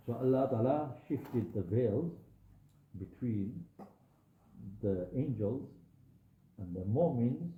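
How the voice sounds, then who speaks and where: A man's voice: on the low side, reverberant, phone-quality sound, slight background noise. A young man preaching a sermon, telling a story dramatically with frequent asides to his audience.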